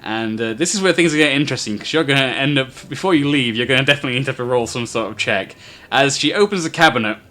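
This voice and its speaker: A man's voice: medium pitch, expressive, very fast, few pauses, bright, forceful tone. A man narrating a tabletop game as game master, telling the story with frequent fillers.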